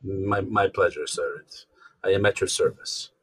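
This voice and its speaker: A man's voice: low-pitched, a bit bright, breathy edge. Man doing a stiff interpreter. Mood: formal. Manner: formal, clipped, halting. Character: stiff formal Russian male interpreter.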